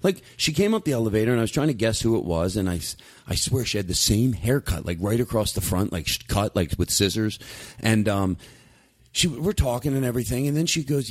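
Animated rambling male podcast host. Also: on the low side, fairly quick. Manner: animated, rambling storyteller with many restarts. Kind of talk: casual storytelling chat.

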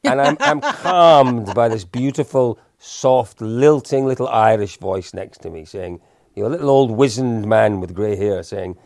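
A man's voice: medium pitch, lively intonation, measured pace, gravelly, a little mellow, no room sound. A man, co-hosting a podcast and telling a chatty, self-deprecating story. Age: 50s. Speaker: podcast co-host. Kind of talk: anecdotal storytelling, casual chat.

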